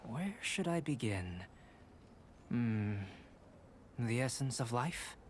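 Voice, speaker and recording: An actor with a mid-range male voice plays a calm, detached young alchemist and painter, speaking slowly in an even, scholarly, slightly bored cadence. There's a little hiss or hum in the recording.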